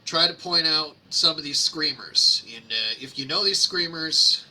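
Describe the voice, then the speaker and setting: A man's voice: fairly high pitch, unhurried, pushed and bright. A man reading complaints aloud on a live screen-share and mocking them with sarcastic asides, rambling with many fillers. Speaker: host reading public complaints. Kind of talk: casual screen-share commentary.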